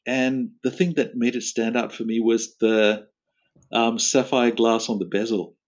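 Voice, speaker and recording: A man chatting as a podcast guest, relaxed and quick to laugh. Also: mid-range voice. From Australia. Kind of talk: casual interview chat. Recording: dull lo-fi audio.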